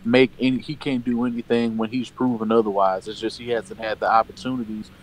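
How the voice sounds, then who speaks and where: A man's voice: medium pitch, little pitch movement, brisk, slight background noise, low-quality recording. A man co-hosting a casual sports debate, emphatic and profane, hammering his points with repetition. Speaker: sports talk co-host.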